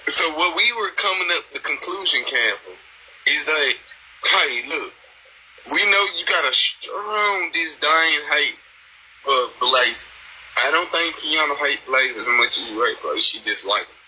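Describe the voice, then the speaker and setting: A man's voice: a little high, lively intonation, unhurried, pushed and bright, a little hiss or hum, low-quality recording. A man hosting a live stream panel, talking in a blunt, rambling, profane casual chat.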